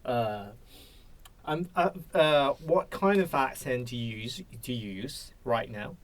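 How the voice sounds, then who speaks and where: With Indonesian as his native tongue, this teacher and English learner works through casual speaking practice, pausing hesitantly as he hunts for the right words. His voice is medium in pitch and slow.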